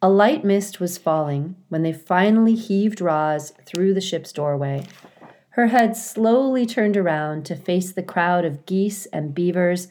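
Female reader, lower voice, unhurried storybook read-aloud delivery. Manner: slow, careful, expressive reading. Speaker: teacher reading aloud.

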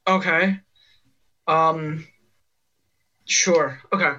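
Brief: awkward auditioning man, bright voice, slow muttered asides. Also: fairly high pitch, fairly even intonation, lo-fi sound. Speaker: auditioning actor. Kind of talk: comedic sketch, audition scene.

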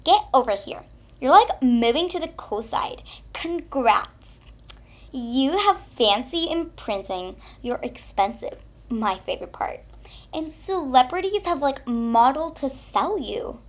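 A woman's voice: sits high, animated, measured pace, pitched above the performer's own voice, full character voice. A woman voicing Hairbrush, a snooty, stuck-up female hairbrush who talks down to others in a fake-sweet voice full of "like". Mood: bossy. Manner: fake-sweet, condescending, drawls "like". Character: snooty female hairbrush, queen-bee mean girl.

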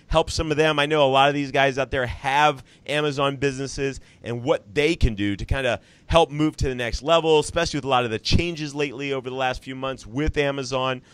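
A man's voice: mid-range voice, fairly bright tone, smooth, no echo. A man hosting an interview podcast, introducing his guest with upbeat energy. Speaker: podcast host.

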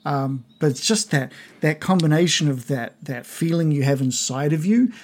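A game master narrating a tabletop game, pausing often and restarting his sentences. His voice is slightly husky and sits at a middle pitch. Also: expressive, a little mellow. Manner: hesitant, full of restarts.

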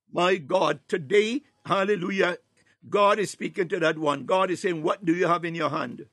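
A man leading a fervent spontaneous morning prayer, punctuating each phrase with calls to God and swelling from hushed tones to near-shouts, at times breaking into tongues. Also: sits high, a little slow, dry recording, studio quality. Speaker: prayer leader.

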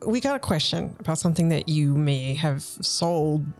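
A woman's voice: sits low, expressive, normal speed, a little mellow, faint music behind. A woman playing her character in a tabletop game, talking in a casual, chatty way. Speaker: player.

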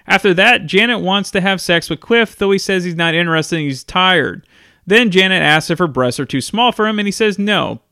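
A chatty man goes through a film's scenes in a casual review, chuckling often. His voice is bright, a little higher than most, and the recording is dry and close. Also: no echo. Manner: chatty, laughs often while recapping. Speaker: film reviewer.

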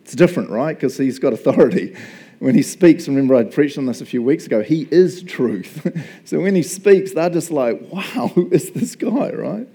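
A man's voice: medium pitch, animated, moderate pace, warm tone, husky. A male pastor giving a casual, conversational sermon. He laughs often and keeps asking "right?". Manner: chatty, laughs often, asks "right?" a lot.

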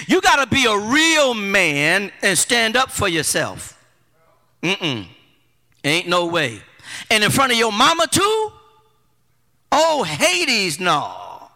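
A male pastor preaching a sermon with animated rhetorical repetition and colloquial asides. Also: high voice, in a large hall.

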